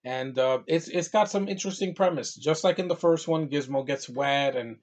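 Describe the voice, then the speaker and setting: A man's voice: a little high, moderate pace, a little mellow. A man from New York giving a casual, rambling movie review, full of fillers and restarts.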